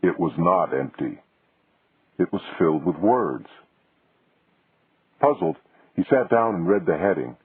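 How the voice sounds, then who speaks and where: A man tells the story in a steady, even way with a very husky voice. His pitch sits low. The recording is dry and thin, like a phone line. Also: unhurried, pauses often, no room sound. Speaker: audiobook narrator. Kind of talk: scripted narration.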